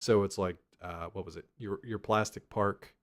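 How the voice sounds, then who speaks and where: A man's voice: low-pitched, fairly even intonation, normal speed. A man co-hosting a podcast, recapping a cartoon with wry, dry asides in casual chat. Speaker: podcast co-host.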